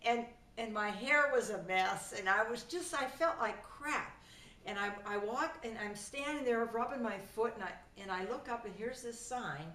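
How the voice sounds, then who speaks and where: A woman casually telling a funny story from her own life, in a lively, animated way. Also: on the high side, moderate pace, far from the mic. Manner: animated, lively retelling with laughter. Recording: roomy sound from off the mic with faint noise.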